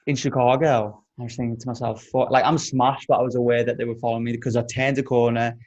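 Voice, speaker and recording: Casual male podcast host, young adult, lively and profane storyteller. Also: medium pitch, fast, highs cut off. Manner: animated storyteller, swears a lot.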